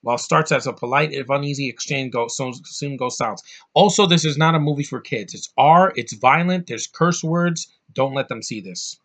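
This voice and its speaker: A man rants through a casual movie review, rambling and profane, in a voice of middling pitch. He swings between heated outbursts and muttered asides. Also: normal speed, few pauses, fairly bright tone.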